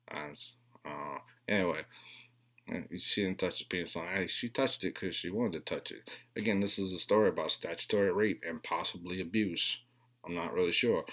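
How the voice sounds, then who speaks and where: A man in his late thirties with a low voice rants through a comedic movie recap. His delivery is crude and rambling, and he breaks into deadpan asides and mocking character voices. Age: 30s.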